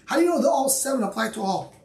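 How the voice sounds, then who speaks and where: A man's voice: very high-pitched, animated, racing, gravelly, darkish tone, far from the mic. Man teaching Talmud in an echoey room. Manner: mixes Aramaic readings with English explanation, restarts often. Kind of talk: Talmud study lecture.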